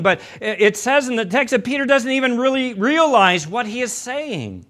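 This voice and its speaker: A man preaching a sermon and retelling scripture as a story. He acts out the quoted lines in quieter, slower voices. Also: very high voice, expressive.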